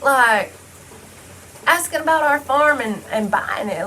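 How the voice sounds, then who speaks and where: A woman's voice: high voice, lively intonation, takes it slowly, long pauses, sharp tone, slight background noise, poor audio. A woman talking straight to the camera in a casual personal monologue, blunt and heavily profane, rambling loosely from one thought to the next. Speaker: vlogger.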